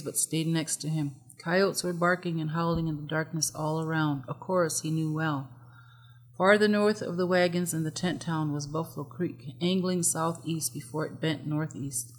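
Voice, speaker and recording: An audiobook narrator reading a story in a steady, measured way. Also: medium pitch. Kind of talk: scripted narration. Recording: long hall reverb on the voice.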